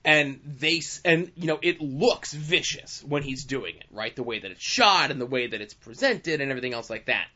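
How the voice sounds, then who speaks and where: A man co-hosting a podcast, giving a wry, measured critique in casual chat. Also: medium pitch, lively intonation, pushed and bright, lo-fi sound. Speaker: podcast co-host. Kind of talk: casual movie discussion.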